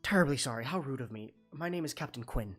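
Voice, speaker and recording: Man doing a gruff ship captain, brusque, swearing, mid pitch, faint guitar music behind. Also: lively intonation, quick pace, lightly acted. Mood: apologetic.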